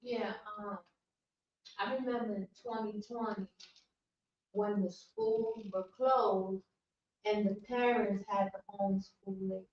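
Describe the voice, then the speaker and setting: Woman, class member, slow deliberate speech; distant, dull, very roomy recording. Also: medium pitch, steady tone. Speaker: class member adding a comment. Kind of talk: slow group discussion. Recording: very echoey, distant, dull sound.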